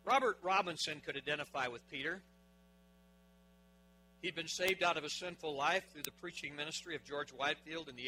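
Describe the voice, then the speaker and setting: A man preaching a sermon, dramatic, with big swings in loudness, asking his listeners questions. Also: on the high side, a little hiss or hum, low-quality recording.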